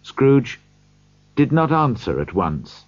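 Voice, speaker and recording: A man reading a storybook aloud slowly for learners, in scripted narration. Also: medium pitch, big pitch swings, no room sound, dull audio. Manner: slow, clear reading for learners.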